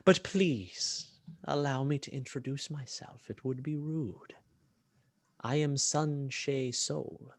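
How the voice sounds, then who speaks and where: A man voicing a masked imperial commander who is polite and menacing, speaking in a slow, courtly way. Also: mid-range voice, dry recording, voice pushed up. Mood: courtly menace. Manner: slow, courtly, drawn-out delivery.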